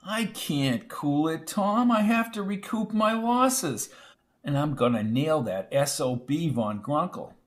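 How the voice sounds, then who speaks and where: A man voicing a brash, hurried young male reporter who talks loud and pushy. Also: fairly high pitch, expressive. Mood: defiant.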